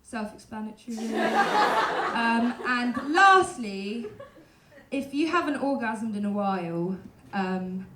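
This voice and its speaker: A young woman with a London accent doing live stand-up comedy in a pub room, listing cheeky tips in a deadpan way with lots of "um"s. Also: a little high, takes it slowly, noisy background. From London, England. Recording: echoey room, loud crowd laughter.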